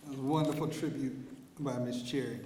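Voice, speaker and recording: A man's voice: mid-range voice, fairly even intonation, a little fast, a little mellow, some chatter behind, slight background noise. A man as emcee, formally introducing the next tribute at a ceremony, stumbling a little over his words. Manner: formal announcing with a few stumbles. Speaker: emcee of the event. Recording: echoey hall with long reverb.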